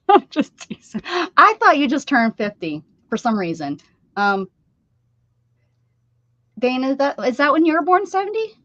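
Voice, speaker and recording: A woman's voice: high voice, big pitch swings, a little slow, pauses often, fairly bright tone, dry recording, muffled recording. A woman in her fifties hosting a craft livestream, chatty and self-teasing, laughing often. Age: 50s. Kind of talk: casual livestream chat. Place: home craft room.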